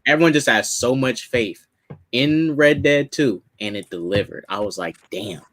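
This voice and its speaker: A man's voice: medium pitch, moderate pace, a bit bright, slight background noise. A man in casual gaming chat, talking loosely with repeats and informal grammar. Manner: loose, repetitive, says "they was".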